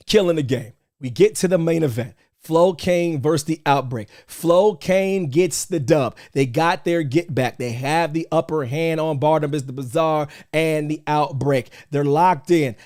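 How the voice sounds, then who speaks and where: Male stream host with a high voice, hyped and repetitive, shouts when excited. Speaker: host of a wrestling reaction show. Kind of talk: live-stream commentary.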